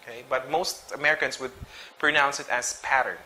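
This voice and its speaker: A man teaching English pronunciation, reading sight words slowly and twice each, with short explanations. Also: medium pitch, steady tone, pushed and bright, slight background noise. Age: adult. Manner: slow and deliberate, repeats each word twice with brief explanations.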